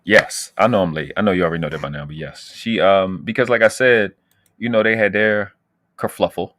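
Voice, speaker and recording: Hosting a casual livestream on his channel, a brash, slangy American man trash-talks and boasts to his chat. His voice is deep and fairly quick, and background noise can be heard.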